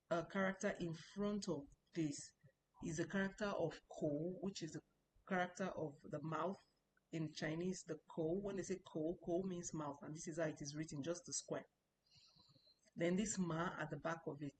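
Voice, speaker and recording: A woman's voice: low-pitched, a little mellow, slight background noise, rough recording. A woman teaching a Chinese language lesson, explaining patiently and repeating key points, and stressing important words.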